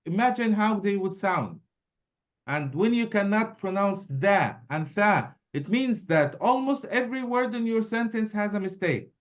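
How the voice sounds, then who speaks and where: A man's voice: sits high, lively intonation, unhurried, dull audio. A man teaching an adult English speaking class, explaining at length and repeating key points.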